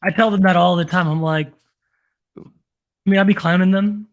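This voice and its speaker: A man's voice: high-pitched, fairly even intonation, moderate pace. A man co-hosting a podcast, joking and bantering in casual chat. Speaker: podcast co-host.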